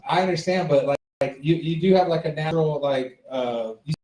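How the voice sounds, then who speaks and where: A man's voice: a little high, a little fast, far from the mic. Encouraging male open mic host. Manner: friendly, filler-heavy encouragement. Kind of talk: casual hosting and interviews. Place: comedy club. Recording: echoey club with loud noise.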